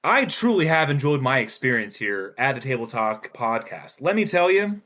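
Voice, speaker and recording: A man's voice: mid-range voice, big pitch swings, moderate pace, sharp tone. A man voicing a nostalgic, upbeat male fantasy character in a wistful, expansive way.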